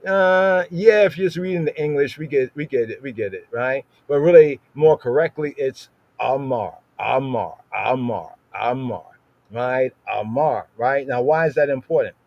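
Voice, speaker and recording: A man teaching scripture in a casual podcast talk, repeating words slowly to show how they sound and checking in with his listeners. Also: a little high, a little mellow, dry recording, dull audio.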